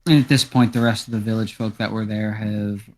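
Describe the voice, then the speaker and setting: A man's voice: fairly low pitch, steady tone, fairly quick, a little mellow. A man narrating a tabletop role-playing game as game master, in a casual, chatty way.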